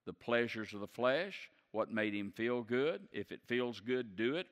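A male pastor delivers a sermon, pacing his points with rhetorical questions and pushing harder as he goes. His voice sits at an ordinary pitch for a man. It rings out with long reverb in a large church hall. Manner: preaching with rhetorical questions and rising intensity.

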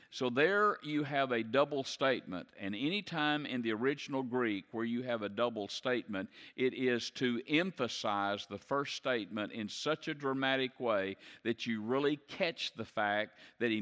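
A male pastor delivers a sermon at a middle pitch, earnest and emphatic, leaning on repeated phrases. His voice carries a long reverb, as if it fills a church sanctuary. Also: fairly bright tone, smooth.

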